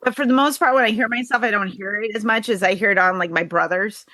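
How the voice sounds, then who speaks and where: Chatty New England woman, bright voice. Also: mid-range voice, fast, dry recording. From New Hampshire. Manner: chatty, quotes herself often, laughs easily. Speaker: podcast guest. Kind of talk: casual interview conversation.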